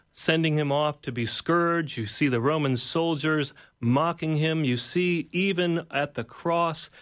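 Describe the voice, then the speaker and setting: A man, a pastor and author, speaking as an interview guest in an earnest, preacher-like way, building points through repeated phrases. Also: a little high. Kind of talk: reflective devotional talk.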